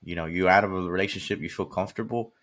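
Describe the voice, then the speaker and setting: In a low, slightly bright voice at a very fast clip, a man from California hosts a podcast. His monologue is blunt and motivational, aimed right at the listener, with casual swearing and repetition for emphasis.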